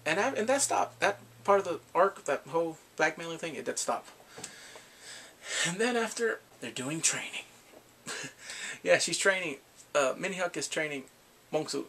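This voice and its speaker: A young man giving a casual, excitable recap of a drama, often laughing and acting out what the characters say. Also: on the high side, normal speed, pauses often, slight background noise. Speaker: drama reviewer.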